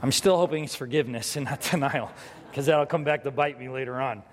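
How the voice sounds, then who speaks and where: A middle-aged man preaching a sermon, telling a personal story earnestly and dropping soft and low for quoted lines. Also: a little fast. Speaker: pastor. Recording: long hall reverb.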